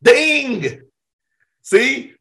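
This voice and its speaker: A man's voice: very high-pitched, extremely slow, gravelly. A middle-aged man in a casual discussion, explaining Hebrew names and acting out both sides of conversations as he tells stories. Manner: animated storytelling, acts out both sides of conversations.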